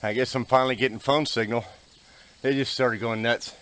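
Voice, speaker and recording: A man's voice: mid-range voice, steady tone, brisk, fairly bright tone, clear, resonant tone. A man filming himself on a forest hiking trail, chatting folksy and casual to viewers while out of breath from the climb. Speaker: hiking vlogger. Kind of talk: casual outdoor vlog narration.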